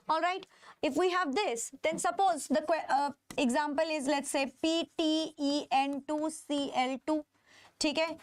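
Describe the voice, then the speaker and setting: High-voiced Indian woman teaching chemistry. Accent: Indian English. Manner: drawn-out stressed terms, constant check-ins with students. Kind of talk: live online class lecture.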